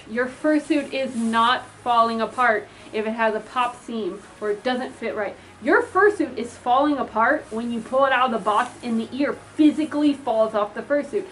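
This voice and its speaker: A young woman who makes fursuits gives chatty advice to customers in a casual vlog, pleading with them and acting out the messages they might send. Her voice is on the high side, and the low-quality recording carries some hiss or hum.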